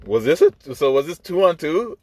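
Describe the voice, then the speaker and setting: A man's voice: a little high, expressive, moderate pace, darkish tone, no room sound. A man hosting a casual chat, laughing often and reacting with short questions.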